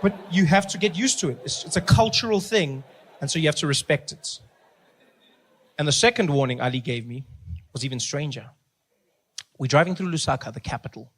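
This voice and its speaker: A man with a South African accent doing stand-up, telling animated stories and acting out the people in them. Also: fairly high pitch, fairly quick, pauses often. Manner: animated storytelling with acted-out voices and laughter. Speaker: stand-up comedian. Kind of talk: stand-up comedy.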